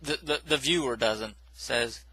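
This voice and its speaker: Homem de voz brilhante resmungando sobre um filme. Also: male voice, medium pitch, measured pace, pushed and bright, breathy edge, low-quality recording. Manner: rambling, self-correcting, dismissive asides. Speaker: movie reviewer. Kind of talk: casual spoken film recap.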